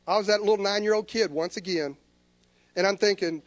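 A man's voice: sits high, fairly quick. A male pastor preaching a sermon, telling a personal story in an earnest way and acting out his own inner dialogue.

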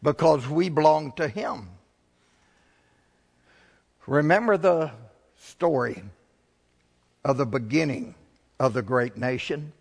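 A man's voice: a little high, slow, creaky, pauses often, long reverb tail. A male pastor preaching a sermon, building to emphatic, rising swells.

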